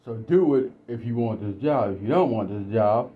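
A man's voice: mid-range voice, animated, moderate pace, close to an everyday voice. A man voicing a smug male boss who threatens a worker with firing. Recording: dull lo-fi recording.

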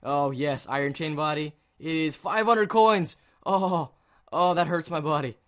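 A man giving casual gameplay commentary, excitable and jokey, with mock-dramatic outbursts. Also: a little high, unhurried. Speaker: gaming video creator.

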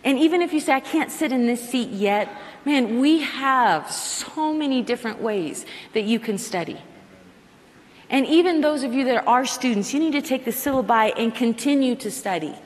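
Middle-aged female preacher, higher voice, lively, acts out quoted prayers; big reverberant hall. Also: moderate pace. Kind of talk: sermon. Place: large hall with live audience.

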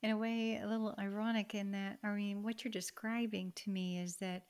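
A woman's voice: mid-range voice, flat delivery, normal speed, darkish tone. A woman hosting an interview podcast, reflective and affirming as she responds to her guest. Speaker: podcast host. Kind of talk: interview conversation.

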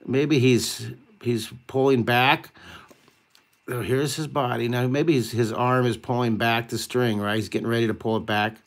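A man hosting a live online drawing lesson, talking excitedly and rambling as he draws and makes up a story. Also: mid-range voice.

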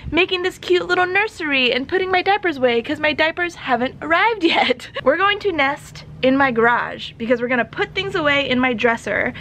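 A woman's voice: high voice, pushed and bright, slight background noise. A young woman vlogging in a casual, chatty way, laughing often and a little out of breath. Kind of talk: casual chat to camera.

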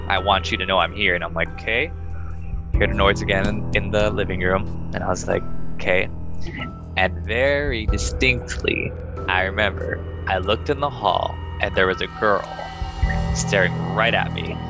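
A young man casually telling a ghost story to friends, animated and acting out the voices he quotes. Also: normal speed, over music. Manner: animated, acts out quoted voices in higher pitch.

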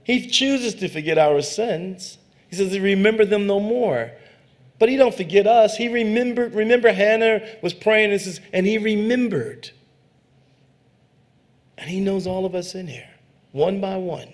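A man's voice: high-pitched, unhurried. A man as a guest pastor preaching a sermon, fervent and emphatic with conversational asides. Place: church sanctuary.

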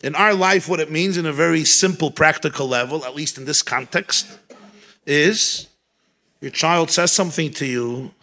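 At a gathering in a home, a rabbi gives a farbrengen talk, telling stories and teaching in an animated way with Yiddish and Hebrew phrases woven in. His voice is on the high side at a moderate pace.

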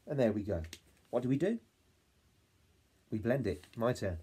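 English guy teaching little kids phonics, husky and kinda dark, sounds words out slow, my turn your turn. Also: medium pitch, expressive. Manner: slow, sound-by-sound modelling with call-and-response prompts. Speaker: reception class teacher. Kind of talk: home-learning phonics lesson to young children.

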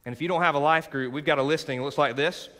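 In a large church sanctuary, a bright, forceful male pastor preaches a sermon at a rapid-fire clip in a fairly high voice, the sound trailing off in long hall reverb. Rising emphasis pushes each point, and he calls for the congregation's response.

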